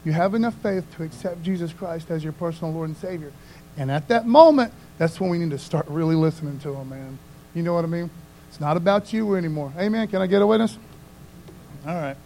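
Male pastor, high voice, laid-back chatty sermon delivery. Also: fairly quick, vocal fry, mellow, slight background noise, low-quality recording. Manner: casual, repeats "man" and "you know what I mean". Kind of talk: casual conversational sermon.

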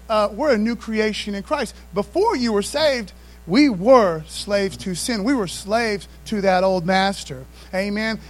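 A man's voice: sits high, low-quality recording. A man preaching a sermon in a conversational, emphatic way, often asking the congregation to respond. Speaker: pastor.

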